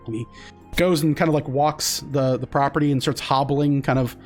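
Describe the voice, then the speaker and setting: A man's voice: medium pitch, steady tone, moderate pace, faint music behind. A man narrating as game master in a loose, casual way with many fillers.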